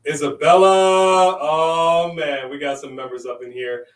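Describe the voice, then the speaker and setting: A man hosting a casual livestream, giving playful, hyped shout-outs to viewers. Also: mid-range voice, little pitch movement, a little fast, echoey room, distant mic, low-quality recording. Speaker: host.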